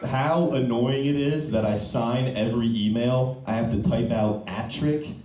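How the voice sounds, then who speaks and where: A man's voice: mid-range voice, fairly even intonation, normal speed, darkish tone. A young man doing open-mic stand-up with a loose, punchy delivery, often ending lines on "okay?", on a comedy club stage. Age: young adult. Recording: echoey room, mic from a distance.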